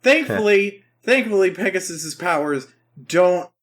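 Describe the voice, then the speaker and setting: A man with a high voice co-hosts a casual review podcast. He sounds excitable and swears freely. His volume swings between loud bursts and quiet asides. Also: a little slow. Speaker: podcast co-host reviewing an anime. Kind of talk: casual comedic review chat.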